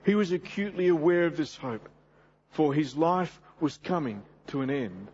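Preacher: middle-aged man, slightly high husky voice, earnest and direct, lo-fi church recording. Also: expressive, moderate pace, darkish tone. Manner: earnest, direct address to congregation. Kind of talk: sermon. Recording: dull lo-fi sermon recording.

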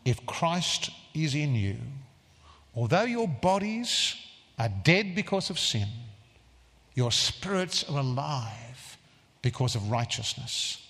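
A man preaching in a church, his bright, ringing voice rising and falling widely as he presses each point home. He speaks slowly and deliberately, and his words carry a long echo through the hall. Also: medium pitch, sing-song. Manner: earnest, emphatic preaching with slow stressed phrases. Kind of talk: sermon.

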